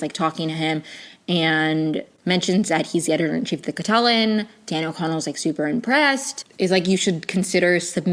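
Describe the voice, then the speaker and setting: A woman in her twenties hosting a podcast, talking through a show review in a rambling, frustrated way, full of "like" and restarts. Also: fairly low pitch. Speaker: podcast host. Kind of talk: casual review monologue.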